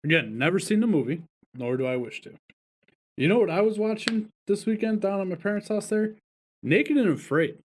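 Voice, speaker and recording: A man's voice: high-pitched, lively intonation, brisk, a little hiss or hum. A man hosting a podcast, blunt and teasing in casual chat. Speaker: podcast host.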